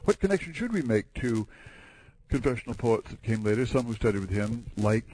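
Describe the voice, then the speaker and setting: A man's voice: medium pitch, big pitch swings, a little fast, dark tone, breathy edge, rough recording. A man asking an interview question about poets.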